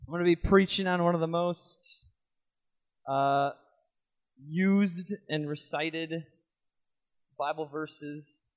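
A young man preaching a sermon, telling a personal story in an animated way and acting out the other people in it. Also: on the high side, slow pace, long pauses. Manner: animated storytelling, acts out quoted voices.

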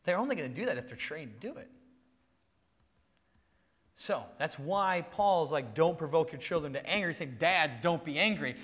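Animated man preaching in an echoing hall. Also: on the high side, normal speed, pauses often. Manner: animated storytelling, acting out yelling at his kids. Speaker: pastor. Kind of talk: sermon.

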